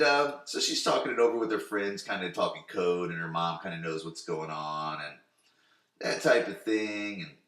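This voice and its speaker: Rambling, swearing young podcast man. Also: low voice. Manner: rambling, profane, animated. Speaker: podcast host. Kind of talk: casual episode recap. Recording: roomy echo.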